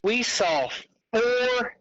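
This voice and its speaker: A man, a podcast guest calling in by phone, telling a hunting story in a rambling, animated way. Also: very high voice, very slow. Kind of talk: casual chat. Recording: dull lo-fi phone line.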